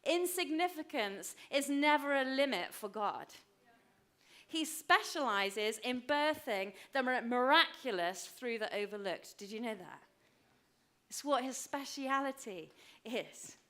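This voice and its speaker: A woman's voice: high voice, lively intonation, slow pace. Emphatic woman preaching. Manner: emphatic, repeats phrases for weight; drops to a hushed voice for personal stories. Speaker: pastor. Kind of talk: sermon.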